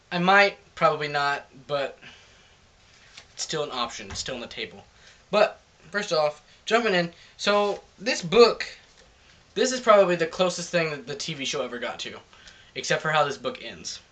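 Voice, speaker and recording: Man, comic reviewer, casual loose recap, somewhat high voice, bright tone. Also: big pitch swings, moderate pace. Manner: rambling, loose plot recap. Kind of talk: casual chat.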